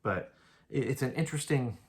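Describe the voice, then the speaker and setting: A man's voice: mid-range voice, lively intonation, brisk. A man casually analyzing an anime episode, rambling through his retelling and peppering it with "like". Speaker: anime reviewer.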